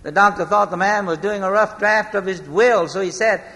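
Male pastor, high tenor, sermon delivery, long hall reverb. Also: sharp tone. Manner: storytelling, slowing for emphasis.

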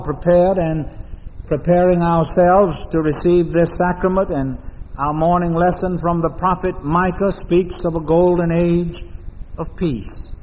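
An American man preaching a sermon as pastor, in a measured, solemn oratorical manner with deliberate pauses, in a large church sanctuary. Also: high voice, darkish tone. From United States. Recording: long reverb of a large church hall.

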